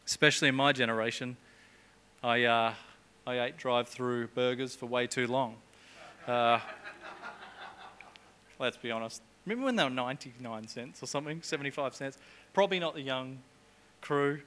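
A man's voice: medium pitch, moderate pace, long pauses, bright, forceful tone, clear, resonant tone. A middle-aged man preaching a sermon in a church, chatty and jokey, with humorous asides.

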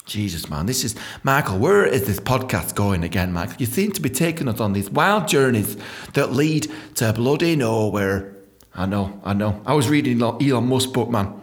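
Profane, animated young man. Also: normal speed. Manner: profane, animated storytelling with sudden high-pitched voices. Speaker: podcast host. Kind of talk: rambling comic monologue.

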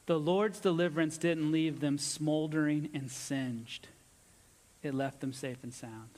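A pastor preaching a sermon with earnest emphasis, dropping low and soft on his key points. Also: steady tone, takes it slowly, long pauses. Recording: long reverb of a church hall.

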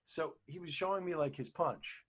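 A husky man chats as an interview guest. He tells stories in a loose, rambling way, stumbling over his words and restarting often, and he gets animated as he goes. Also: on the high side, moderate pace. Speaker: actor and singer, guest. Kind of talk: casual storytelling in an interview.

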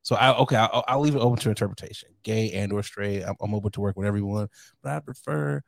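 A man's voice: lowish voice, fast, gravelly, dry recording, clean studio sound. A man hosting a casual podcast chat, joking around and laughing often as he tells stories. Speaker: podcast host.

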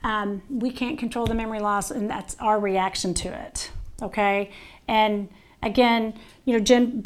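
A woman's voice: fairly high pitch, a little mellow. A woman with a Southern US accent presenting on dementia care to an audience, earnest and conversational with frequent restarts.

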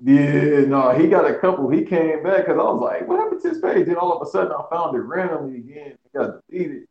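A man chatting as a podcast guest, firing off quick slangy jokes. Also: fairly high pitch, vocal fry, a little mellow. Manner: quick joking comebacks, slangy. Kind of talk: casual podcast banter. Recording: roomy, dull lo-fi sound.

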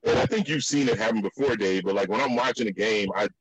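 A man from the Virginia and DC area telling stories in a casual chat, with many restarts and high jumps in pitch for the quotes. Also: fast talker, crowd noise, low-quality recording. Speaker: guest.

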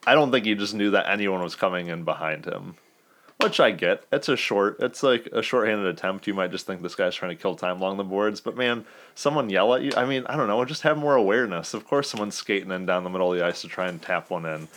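A man's voice: lowish voice, fast, fairly bright tone. A man co-hosting a casual sports podcast, giving rambling, exasperated opinions on hockey plays. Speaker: podcast co-host.

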